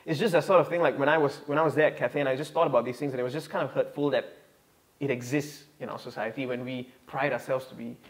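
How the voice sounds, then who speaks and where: An earnest young man answers interview questions. He explains at length and often restarts his sentences. His voice sits at an ordinary middle pitch. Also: steady tone, fast. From Singapore. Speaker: guest.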